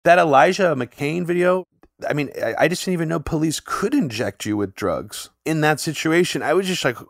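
A man co-hosting a podcast, talking in long casual runs full of "like" fillers and getting animated when something shocks him. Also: a little high, normal speed, gravelly, dry recording, clean studio sound. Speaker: podcast co-host. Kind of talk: casual conversational podcast chat.

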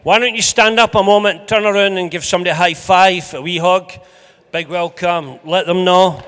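A Scottish man preaches a sermon with a high voice. His talk is chatty and joking, with emphatic turns. The sound rings with the long reverb of a large hall. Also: steady tone, normal speed, a bit bright. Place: church hall.

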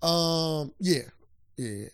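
A man cohosting a casual podcast chat, easygoing and teasing, with a gravelly edge and dry jabs. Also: fairly high pitch, animated, takes it slowly, no echo. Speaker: podcast co-host.

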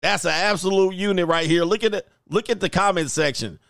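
A man doing casual reaction commentary as a YouTube commentator, slangy and prone to loud exclamations. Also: high voice, fairly quick, vocal fry, dry recording, studio quality.

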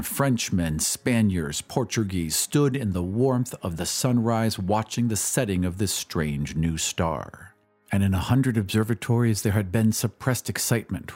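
A man giving measured, dramatic scripted narration for an audio drama, slowing down on key phrases. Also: fairly low pitch, darkish tone.

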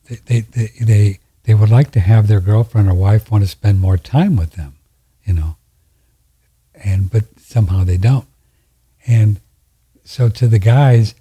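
A man's voice: lowish voice, mellow, husky. A man hosting a radio show, talking in a folksy, rambling way and often repeating himself. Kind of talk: casual conversation.

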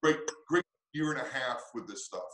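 A man's voice: medium pitch, expressive, moderate pace, a bit bright, roomy sound, rough recording. A man who coaches, answering interview questions in an earnest, reflective way with frequent restarts.

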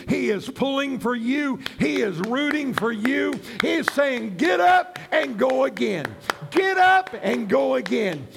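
A middle-aged man preaching, his voice pitched high with a gravelly, fry-laced edge. He swells into shouted emphasis and then drops back to plain talk. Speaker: pastor. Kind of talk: sermon.

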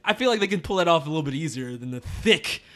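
Bright-voiced man chatting casually. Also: a little high, expressive, quick pace. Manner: laughs often, loose and profane. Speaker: podcast host. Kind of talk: casual movie review chat.

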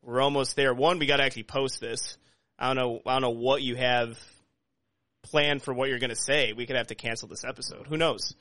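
A man's voice: medium pitch, steady tone, a little fast, sharp tone, no echo. A man hosting a podcast, chatting casually and joking over a video call. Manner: joking, talks over others. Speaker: podcast host. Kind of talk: casual chat.

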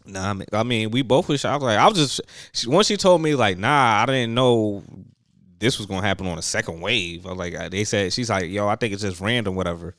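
A man's voice: on the low side, animated, brisk, a bit bright, dry recording, clean studio sound. A young man hosting a podcast, telling stories in casual chat, loose and full of slang and fillers. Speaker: podcast host.

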